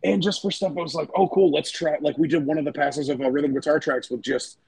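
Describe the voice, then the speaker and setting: A man's voice: a little high, fast talker, a little mellow, dry recording, rough recording. A man, a band's singer and guitarist, talking casually and loosely in a podcast chat, with lots of fillers and swearing. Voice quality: gravelly, husky voice. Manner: rambling, loose, swears often, many fillers.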